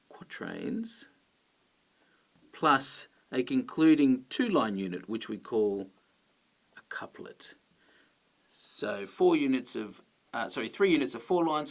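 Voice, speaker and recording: A man, explaining poetry in a relaxed, friendly teaching style with casual fillers. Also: mid-range voice. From Australia. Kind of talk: educational explainer.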